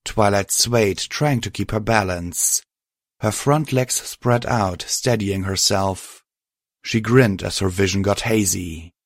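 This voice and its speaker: A man narrating a story with a steady, dramatic reading. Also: lowish voice, slow, dry recording, clean studio sound.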